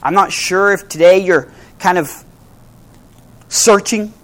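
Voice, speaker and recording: Dramatic preacher dropping to hushed emphasis. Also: mid-range voice. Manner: dramatic, with sudden drops to hushed emphasis and slowed key phrases; asks the audience rhetorical questions. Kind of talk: sermon.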